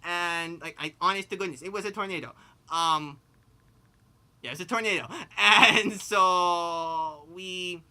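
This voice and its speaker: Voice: medium pitch, measured pace, bright, forceful tone, clear, resonant tone. A performer voicing a rambling cartoonish pig storyteller who lisps, turns r into w, laughs mid-sentence and keeps saying "like" and "you know" in improvised comedic storytelling. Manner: lisping, turns r into w.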